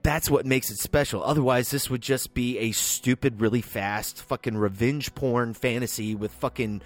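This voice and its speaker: A man on a podcast who rambles through his take on a film. He swears constantly and presses his points hard. His voice sits at an ordinary middle pitch. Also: moderate pace. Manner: heavy swearing, emphatic and rambling. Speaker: podcast co-host. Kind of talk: casual film discussion.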